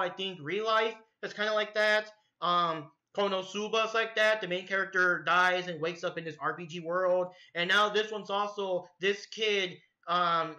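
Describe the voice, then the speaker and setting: A man's voice: high-pitched, bright, forceful tone. A man hosting a casual livestream who rambles loosely and swears freely, in an echoey, dull-sounding room. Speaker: livestream host.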